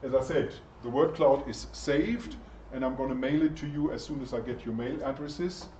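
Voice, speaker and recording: A man's voice: medium pitch, moderate pace, darkish tone, slight background noise. A man giving a chatty university lecture and putting questions to the class. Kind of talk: interactive lecture. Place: lecture room. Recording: echoey, distant, dull lecture-room recording.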